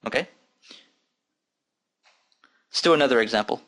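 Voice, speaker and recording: A man's voice: mid-range voice, normal speed, fairly bright tone. A man teaching an Arabic reading lesson, patiently repeating letter sounds and asking students to follow along. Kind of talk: recorded language lesson.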